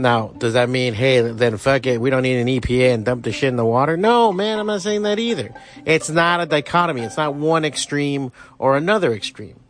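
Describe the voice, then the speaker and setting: A man with a mid-range, fairly bright voice hosts a podcast, delivering a profane, heated rant. He swears constantly and throws in sarcastic asides.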